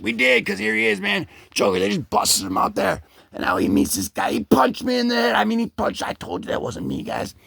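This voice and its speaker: A man hosting a comic book video, rambling excitedly over the pages and slipping into goofy character voices. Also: sits high, a little fast, gravelly, breathy edge, dry recording, clean studio sound. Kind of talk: excited comic page commentary.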